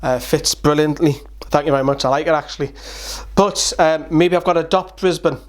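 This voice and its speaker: A young man gives a casual, rambling vlog update. He sounds worn out but stays chatty, his voice pitched a little above the usual male range. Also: steady tone, a little fast. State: tired. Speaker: fan channel host.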